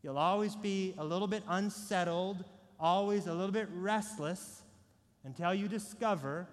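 A male pastor preaching a sermon, dynamic, swinging between soft intimate lines and loud emphatic ones, with repeated rhetorical questions. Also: sits high, moderate pace. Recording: long hall reverb.

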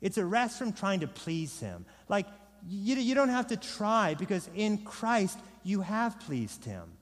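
A man's voice: sing-song, a little slow. Preaching man in a reverberant hall. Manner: swings from loud proclamation to soft, low pleading. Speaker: pastor. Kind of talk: sermon. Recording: long reverb of a large hall.

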